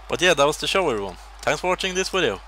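A man casually commentating his own wrestling video game, excitable, jumping between loud shouts and quiet muttering. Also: a little high, quick pace, slight background noise.

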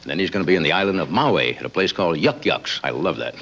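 A man's voice: sits low, lively intonation, quick pace, vocal fry, background noise. A man as a talk show host introducing a comedian to a studio audience, with an amused delivery. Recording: dull VHS broadcast audio with studio audience.

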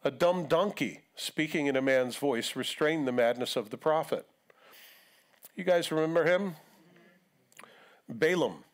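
A man's voice: fairly high pitch, measured pace, long pauses. A male pastor preaching a live sermon to his congregation in a conversational way, acting out quotes now and then. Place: church sanctuary.

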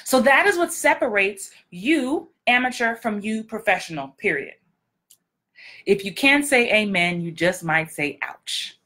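A woman's voice: mid-range voice, animated, measured pace, bright, forceful tone. A woman acting coach giving very direct, blunt advice in a frank, emphatic vlog talk. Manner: frank, emphatic, repeats for effect.

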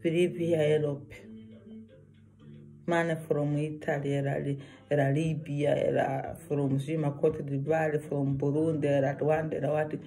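Slow, earnest woman vlogger. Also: low-pitched, little pitch movement, mellow, faint music behind. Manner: earnest, repetitive, broken English. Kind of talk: personal warning vlog.

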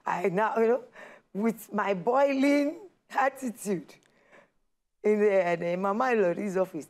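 Animated woman telling her story. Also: mid-range voice, measured pace. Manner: animated storyteller, acts out quoted dialogue. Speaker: guest sharing her testimony. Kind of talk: personal storytelling on a talk show.

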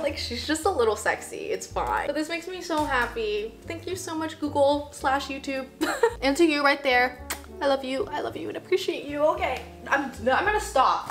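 A woman's voice: sits high, a bit bright, echoey room. A woman in her twenties, a YouTuber chatting casually through an unboxing vlog, bubbly and giggly with emotional asides. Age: 20s.

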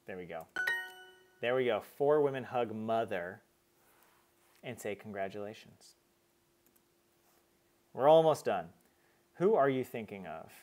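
A man's voice: lowish voice, lively intonation, unhurried, long pauses, darkish tone. A man chatting casually on a live stream, chatty and self-mocking, laughing at his own slips. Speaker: streamer learning a language.

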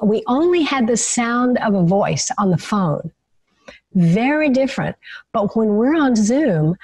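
A woman guest in an interview, explaining calmly and warmly agreeing with her host. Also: medium pitch, no echo. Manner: calm, explanatory, with many affirming interjections. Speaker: guest expert on leadership and the nervous system. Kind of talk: conversational interview over video call.

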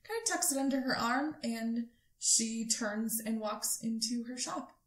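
A woman acting as game master, narrating a tabletop game in a soft-spoken, descriptive way. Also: on the high side, unhurried, reverberant.

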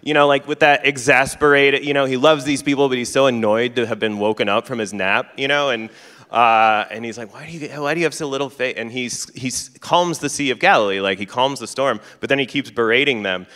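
Before a live audience in a large hall, a teacher appearing as a guest author tells a story casually, leaning heavily on fillers, restarting often, and laughing a lot. His mid-range voice is steady, brisk, pushed and bright, with a clear, resonant tone, and the hall sound is reverberant.

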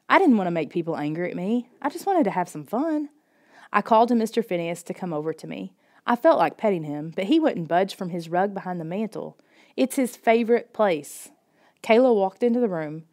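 A woman reading a children's storybook in the first person, steady and expressive. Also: mid-range voice. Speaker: audiobook reader.

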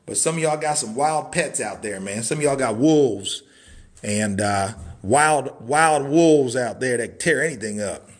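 This is a hyped live sales stream: a man gives an excited tour of a wooden cabin, walking through it indoors and dropping hype-man catchphrases and sudden whoops. He speaks at medium pitch with lively intonation, a little slowly.

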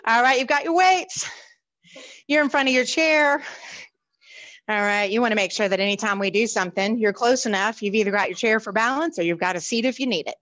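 Cheerful woman fitness instructor with a slightly high voice, counts reps and says y'all, heard over a video call. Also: brisk, fairly bright tone, rough recording. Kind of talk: leading a seniors' exercise class. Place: church exercise class streamed on a video call.

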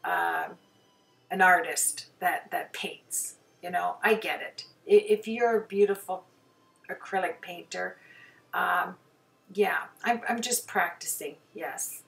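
A woman's voice: lowish voice, slow pace, vocal fry, fairly bright tone, soft background music. Chatty woman painter, slightly distant mic. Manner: chatty, rambling, self-deprecating, many fillers. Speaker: hobby painter. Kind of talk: casual voice-over about her own painting.

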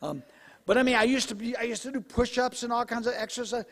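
Male pastor, sermon, high voice, slightly hoarse, chatty and animated, long church-hall reverb. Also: quick pace. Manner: conversational, animated preaching. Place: church sanctuary.

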